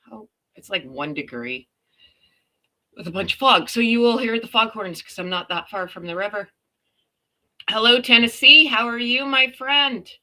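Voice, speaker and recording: A woman's voice: on the low side, pushed and bright. A middle-aged Canadian woman hosting a casual livestream, chatty and exclaiming often, greeting viewers by name. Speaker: livestream host.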